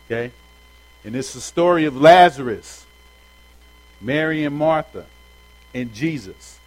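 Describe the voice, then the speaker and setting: Man, middle-pitched voice, informal Bible study teacher, slangy, conversational, talks straight to his group. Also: poor audio. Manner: chats directly with the audience.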